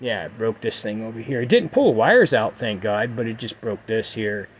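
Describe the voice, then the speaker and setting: A man's voice: lowish voice, animated, moderate pace, slightly rough, lo-fi sound. A middle-aged man giving casual vlog advice to his viewers, emphatic and repetitive, with lots of fillers. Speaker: gaming vlogger. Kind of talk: casual vlog talk to camera.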